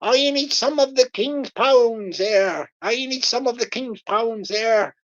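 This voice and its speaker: A woman's voice: on the high side, extremely slow, sharp tone, heavily acted. A woman voicing a wheedling male scammer from Bristol who repeats himself and cajoles, breaking into laughs between lines. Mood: pushy. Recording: lo-fi dull stream audio.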